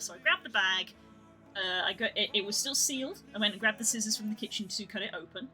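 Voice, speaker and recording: Bright-voiced woman telling a story. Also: medium pitch, quick pace, faint music behind, poor audio. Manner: animated storytelling, swearing, laughing often. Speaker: streamer host. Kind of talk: casual chat.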